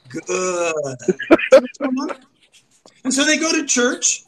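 Over a low-quality recording, a very high-pitched male show host delivers combative, mocking commentary. His manner is preachy and scornful, climbing into shouts.

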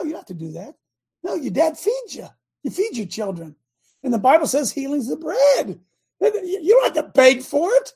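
Gravelly emphatic male preacher-host. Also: extremely high pitch, very animated, normal speed. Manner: emphatic, quotes scripture, bursts into shouts. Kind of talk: preaching commentary over a played clip.

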